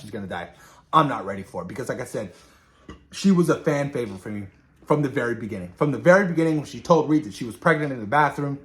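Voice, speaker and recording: A man talking through movie spoilers with loose, excitable energy. He rambles, leans on fillers and swears without a second thought. His voice sits at an ordinary middle pitch. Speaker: film reviewer. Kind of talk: casual spoiler review chat.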